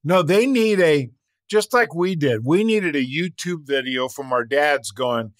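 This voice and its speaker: A man's voice: fairly high pitch, unhurried, dry recording. A man in his sixties, a guest author, talking about faith and fatherhood in an earnest, preaching way and telling stories with energy. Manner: animated storyteller, shouts and laughs in acted scenes. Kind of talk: storytelling conversation.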